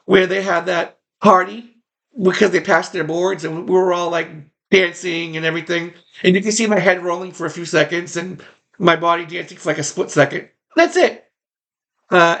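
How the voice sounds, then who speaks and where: A man's voice: high-pitched, vocal fry, fairly bright tone. A man who once worked as a background extra, casually recalling it in a rambling way and repeating phrases for emphasis. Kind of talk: casual personal reminiscence.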